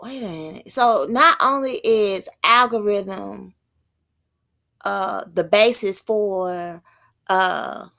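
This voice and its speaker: A woman teaching as a self-styled prophetess, thinking aloud in a halting way and stopping to read passages out. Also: medium pitch, gravelly, pushed and bright. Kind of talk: slow spoken teaching.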